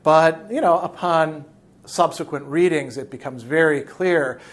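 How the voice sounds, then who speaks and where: A man with a fairly high voice gives a philosophy lecture on a novel. He talks in a thoughtful, explanatory way, working through ideas as he goes. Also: a little slow. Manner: reflective, explanatory. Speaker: philosophy teacher.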